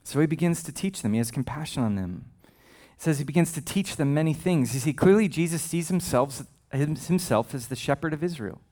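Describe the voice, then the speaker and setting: A male pastor preaching a sermon with a fairly high voice. He talks casually and with humor, often breaking off for asides. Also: expressive, a little fast, dark tone. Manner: conversational and humorous, with frequent asides.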